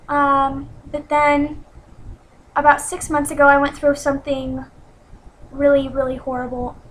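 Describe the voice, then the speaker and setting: A young woman in her twenties speaks in a high voice that stays fairly level. She talks earnestly and hard on herself, stopping often with ums and starting over, in a confessional home vlog. A faint hum of room ambience sits behind her. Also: a bit bright, low-quality recording. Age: 20s. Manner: earnest and self-critical, many ums and restarts. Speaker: vlogger.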